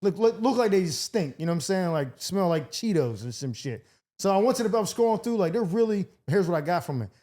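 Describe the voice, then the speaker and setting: A man's voice: high voice, sing-song, a little fast, warm tone. A man hosting a podcast, chatting casually in loose, profane banter and laughing often. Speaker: podcast host.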